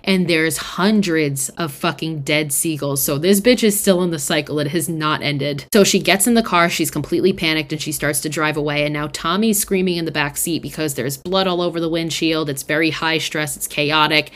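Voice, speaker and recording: A woman's voice: deep voice, normal speed, few pauses, a bit bright. A young woman podcast host casually retelling a film's plot, chatty and full of swearing and fillers. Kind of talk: casual film recap.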